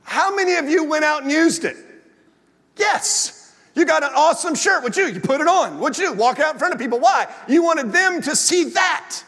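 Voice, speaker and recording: A male pastor with a strikingly high voice delivers a sermon in an animated storytelling manner. His words ring out with a long reverb from a large church hall. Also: moderate pace. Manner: animated storytelling with acted asides.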